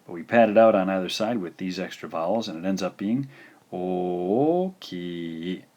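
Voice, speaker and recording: A man teaching beginner Japanese writing, explaining stroke order patiently and sounding out syllables slowly and deliberately. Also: sits low, a little mellow. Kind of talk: instructional explanation.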